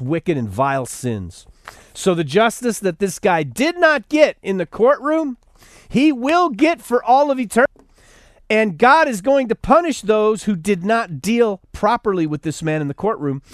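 A man's voice: on the high side, no room sound, clean studio sound. A man hosting an opinionated news commentary show, sarcastic and preachy, rising to fiery outbursts. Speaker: radio host.

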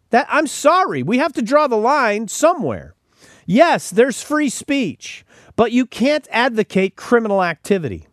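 A high-voiced man hosts a podcast in a clean, dry studio recording. His commentary is emphatic and opinionated, and he often repeats words as he starts his sentences.

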